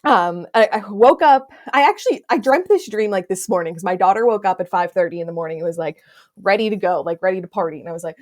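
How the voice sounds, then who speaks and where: A woman's voice: medium pitch, lively intonation, quick pace, a little mellow. A young woman hosting a podcast in casual chat, talking in a chatty, filler-heavy way. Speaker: podcast host.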